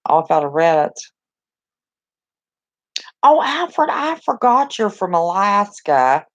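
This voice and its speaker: A chatty, excitable woman with a Southern West Virginia accent, hosting a casual live chat from a cluttered bedroom on a phone. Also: mid-range voice, slow pace, highs cut off. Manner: chatty, excitable, talks to viewers and reacts to the chat. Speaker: live stream host.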